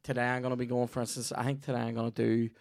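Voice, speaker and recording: A man's voice: mid-range voice, level tone, very fast, creaky, darkish tone, no echo, clean studio sound. A Northern Irish man hosting a podcast, rambling through a profane, jokey sponsor read. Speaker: podcast host. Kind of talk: sweary comedic ad read.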